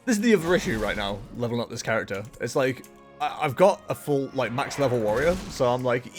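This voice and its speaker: A man's voice: medium pitch, expressive, moderate pace, faint music behind. A man chatting casually as he streams a game, rambling along with frequent fillers and self-corrections. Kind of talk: casual gameplay commentary.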